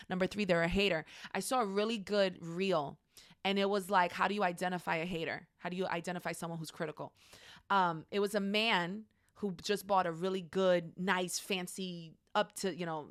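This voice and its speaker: A woman's voice: medium pitch, fairly bright tone, dry recording, studio quality. A young adult woman, a counselor, teaching an informal class in an emphatic, conversational way and repeating her key points.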